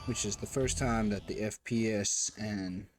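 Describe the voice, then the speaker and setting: A man's voice: lowish voice, fairly even intonation, a little slow, over music. Rambling man reviewing while playing. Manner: rambling and self-interrupting, talks to the game. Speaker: game reviewer and streamer. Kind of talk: casual commentary while playing.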